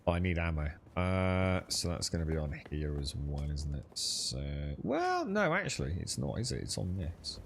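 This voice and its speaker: A man's voice: deep voice, wildly swooping pitch, normal speed, vocal fry, hardly any pauses, a little hiss or hum. A young man chatting casually while playing a co-op game with friends, thinking aloud and laughing easily. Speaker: gamer streaming co-op play. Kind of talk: casual gaming chat.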